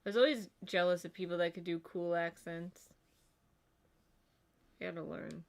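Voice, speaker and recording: Chatty woman, slightly low. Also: steady tone, normal speed, creaky. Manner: chatty and rambling, lots of "like". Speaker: livestream co-host. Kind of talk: casual livestream chat.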